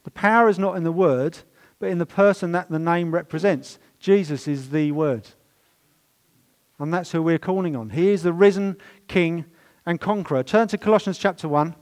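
A man preaching a sermon in a church, telling stories and stressing words with swings in loudness. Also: fairly high pitch, moderate pace. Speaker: pastor.

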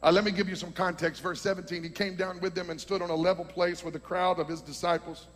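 A man preaching a sermon, teaching from scripture with fervent, shouting emphasis. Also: high voice, little pitch movement, quick pace. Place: large hall with a congregation. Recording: long hall reverb.

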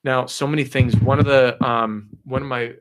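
A man's voice: mid-range voice, steady tone, moderate pace. A man hosting a live motivational talk for salespeople, talking casually and upbeat, with lots of fillers and restarts.

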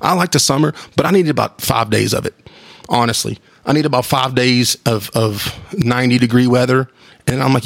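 A man's voice: medium pitch, normal speed, creaky, dry recording. A man, hosting a casual solo monologue, rambling and enthusiastic with casual swearing. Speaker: podcast host.

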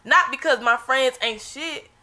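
A woman's voice: high-pitched, a little slow, pushed and bright. A young woman talking bluntly and emphatically in a casual chat, swearing freely.

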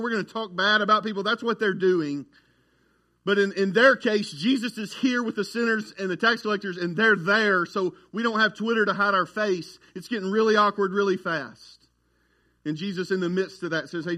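A man's voice: high-pitched, sharp tone. A man preaching a casual, folksy sermon as a pastor, often asking "right?" and addressing the crowd as y'all.

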